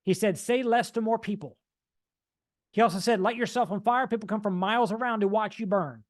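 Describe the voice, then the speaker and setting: A man giving an energetic motivational talk, mimicking dull and excited voices to make his point. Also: sits high, a little fast. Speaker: motivational speaker.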